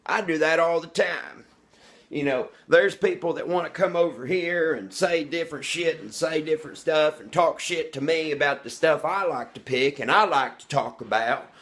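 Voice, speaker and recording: A man's voice: a little high, fairly bright tone, close to an everyday voice. A man playing a cocky, crude redneck vlogger who rambles, brags and talks about himself in the third person. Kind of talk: comedic character monologue.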